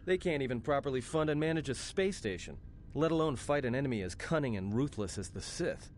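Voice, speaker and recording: A wry, cynical space pilot from a video game, played by a man, talking in a sarcastic, casual drawl with a lively, bouncing pitch. A faint rumble hums behind him. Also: fairly quick, natural voice. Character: cynical young male pilot, wry and streetwise.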